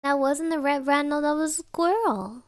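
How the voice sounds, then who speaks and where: Chatting casually with her live chat, a young woman at home giggles, rambles, and reads viewers' messages aloud. She speaks at a moderate pace in a high voice, captured at studio quality with no room sound.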